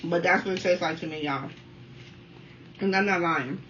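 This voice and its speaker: A talkative woman in her thirties from the Washington, D.C. area chats through a food review, constantly addressing her viewers. Her voice is bright and forward. The dull, slightly distant sound carries faint room noise. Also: on the low side, normal speed. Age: 30s. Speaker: mukbang vlogger. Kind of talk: casual chatty food review while eating.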